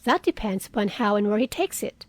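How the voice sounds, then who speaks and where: A woman's voice: mid-range voice, animated, fairly quick, dry recording, close to an everyday voice. A woman voicing a frank, spirited young woman in an audiobook reading, earnest and outspoken.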